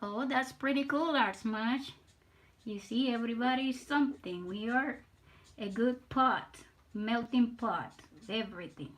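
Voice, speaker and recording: Woman streamer, slightly high voice, slow rambly chat with viewers. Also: poor audio. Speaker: live streamer. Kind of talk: casual live-stream chat.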